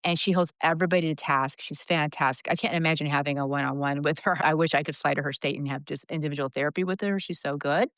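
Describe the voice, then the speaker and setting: A woman's voice: sits low, quick pace, few pauses, clear, resonant tone, no echo. A woman in her fifties, a podcast guest, candidly and earnestly telling a personal story. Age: 50s. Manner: earnest, confessional, animated retelling.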